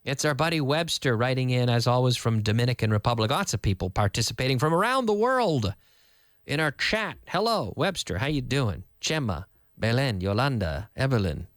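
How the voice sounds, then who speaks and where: A man's voice: medium pitch, big pitch swings, moderate pace, a bit bright, no room sound, clean studio sound. A man hosting a live English lesson on the radio, quizzing listeners with questions and answering them himself. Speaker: English teacher, radio host. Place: radio studio.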